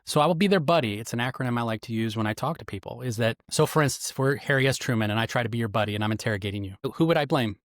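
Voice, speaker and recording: A middle-aged man, a retired federal agent, explaining interrogation methods in an interview with lively, instructive emphasis. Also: mid-range voice, rapid-fire, hardly any pauses, no echo, clean studio sound. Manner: animated, instructive, acts out quoted lines.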